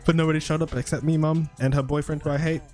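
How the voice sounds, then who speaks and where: A man putting on a goofy, friendly rock-man voice in a New Zealand accent, speaking in slow, halting phrases. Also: on the high side, flat delivery, music in the background, close to an everyday voice. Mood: deadpan.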